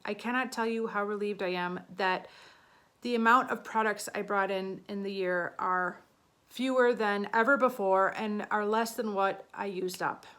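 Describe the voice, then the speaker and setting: A woman's voice: mid-range voice, a bit bright. A woman in her thirties talking casually to the camera as a beauty vlogger, chatty and a little flustered as she counts out her numbers.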